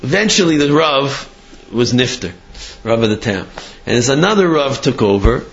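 A man telling a story to a class in an animated way, with frequent restarts and acted-out quotes. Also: mid-range voice, normal speed. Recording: muffled lo-fi recording.

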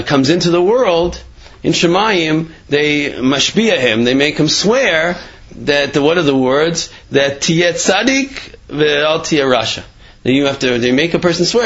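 A man's voice: fairly high pitch, a bit bright. A man giving a casual Torah talk, telling stories and asking rhetorical questions with many fillers. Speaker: Torah teacher. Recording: dull lo-fi sound.

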